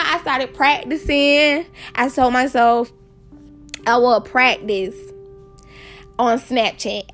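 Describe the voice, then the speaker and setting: Bubbly high-voiced woman podcaster. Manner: bubbly, chatty, animated storytelling. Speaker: podcast host. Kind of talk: casual chat.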